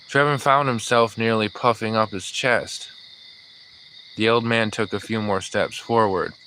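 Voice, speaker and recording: A man narrating an audiobook in a measured, even storytelling manner. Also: sits low, a little hiss or hum, rough recording. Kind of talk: scripted narration.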